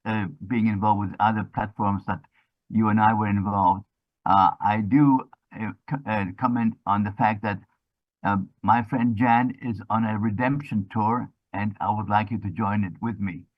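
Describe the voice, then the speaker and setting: Man, low voice, hesitant, halting, muffled dry recording. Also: steady tone, dry recording. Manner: hesitant, many uh fillers and restarts. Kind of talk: casual chat.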